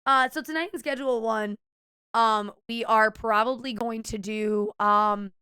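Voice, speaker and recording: A young woman streams and talks to her viewers in an animated, swearing storytelling style, stumbling now and then over her words. Her voice sits a little high and sounds bright and crisp. It is recorded close on a mic in a dry room. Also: measured pace, dry recording. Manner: animated storytelling, quoting herself, swears often, slight stutter. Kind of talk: casual chat to stream viewers.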